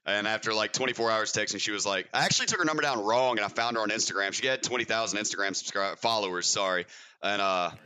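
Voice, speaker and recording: A young man from Mississippi with a Southern accent and a deep voice, telling a rambling, self-mocking story as a podcast guest. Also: quick pace, bright, forceful tone, clean tone. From Mississippi, USA. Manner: rambling, self-mocking, laughs through stories. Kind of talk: casual storytelling.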